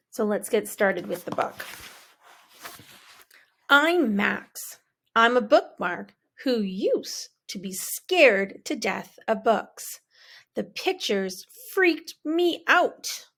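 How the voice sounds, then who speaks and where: A woman reading a children's picture book aloud in a slow, expressive, dramatic way. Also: a little high, vocal fry. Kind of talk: storybook read-aloud.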